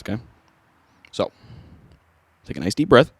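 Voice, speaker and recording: Laid-back low-voiced man coaching vocals. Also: animated, normal speed, no echo. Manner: casual, easygoing instruction. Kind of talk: singing tutorial.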